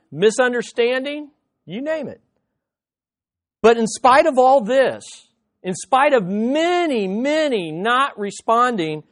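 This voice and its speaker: Animated man preaching a sermon. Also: very high voice. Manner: animated preaching with playful impressions and frequent restarts. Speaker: pastor. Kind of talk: expository sermon.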